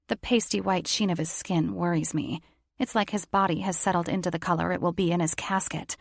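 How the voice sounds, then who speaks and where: A woman narrating a first-person romance audiobook in a wry, confiding inner voice. Her tone sits on the low side with a gravelly grain. The recording is close and dry. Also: normal speed, dry recording.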